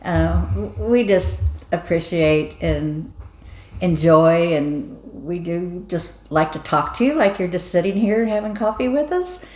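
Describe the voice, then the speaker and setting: A woman's voice: lowish voice, a little mellow, roomy sound. A woman co-hosting a stitching show, joking and giggling in casual chat. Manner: playful, giggly, quick jokes. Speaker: co-host.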